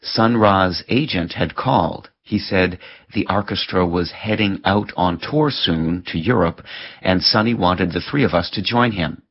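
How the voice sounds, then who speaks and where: A man with a very low, somewhat husky voice delivers a scripted word-of-the-day reading. His diction is measured and precise. The audio sounds a little dull and lo-fi.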